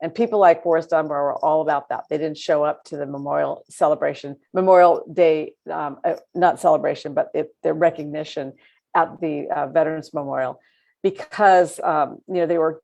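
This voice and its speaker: On a political talk show, a woman co-host chats in an animated, sarcastic way and laughs as she talks. Her voice is low and gravelly at a normal speed, and the recording sounds lo-fi.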